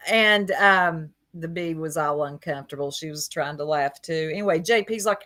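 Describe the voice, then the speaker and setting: A woman's voice: low voice, moderate pace, few pauses, a bit bright. A woman hosting a casual livestream, gossiping with chat and greeting viewers by name, laughing often. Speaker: livestream host.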